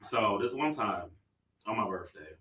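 A man with a low voice that carries a bright, forceful edge tells a story in a laid-back, hesitant way. He sits away from the microphone in an echoing room. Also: animated, a little slow, distant mic. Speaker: podcast co-host. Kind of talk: casual storytelling chat. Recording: roomy sound from off the mic.

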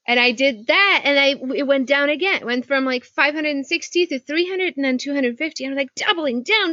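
A woman coach talks through a video call, her voice sitting a little high. She tells her story animatedly and keeps asking rhetorical questions. The sound is dry and dull, like a muffled video-call line. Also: lively intonation, fairly quick, hardly any pauses, sharp tone, no room sound. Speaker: business coach. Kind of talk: casual talk on a video call. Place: home porch.

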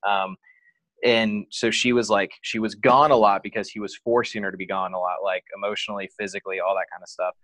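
Frank man telling a story, low voice. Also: level tone, brisk, fairly bright tone, dry recording. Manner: frank and open, heavy use of "like". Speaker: podcast guest. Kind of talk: casual personal storytelling.

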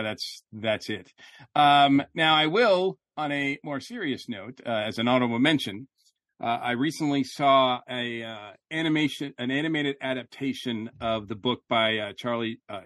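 Man, podcast host, mid-pitched, jokey, casual, dry close sound. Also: moderate pace, fairly bright tone, dry recording. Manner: upbeat, jokey, full of fillers. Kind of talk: casual chat.

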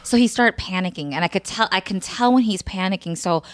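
A woman co-hosting a casual podcast chat, telling family stories in an animated way and often quoting others. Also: mid-range voice, brisk. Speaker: podcast co-host.

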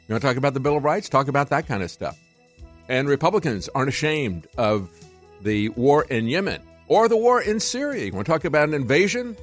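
A man's voice: mid-range voice, sing-song, fairly quick, soft background music. A man hosting a talk radio show, delivering a combative, sarcastic monologue that keeps climbing to indignant peaks.

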